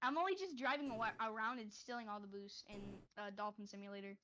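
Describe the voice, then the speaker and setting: A woman chatting casually and teasing friends while gaming, in a loud, joking way. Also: a little high, animated, fast, loud music behind the voice. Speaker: gamer friend in voice chat. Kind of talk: casual chat.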